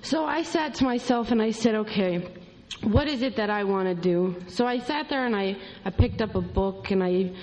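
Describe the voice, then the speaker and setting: A woman's voice: medium pitch, moderate pace, a little mellow, big-room sound, slight background noise, low-quality recording. A woman giving a rambling, conversational personal testimony, often saying "you know". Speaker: convert sharing her story.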